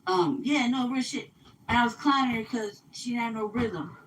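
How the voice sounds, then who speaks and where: Woman, high voice, casual chat, animated profane storytelling, distant mic, faint noise. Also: moderate pace.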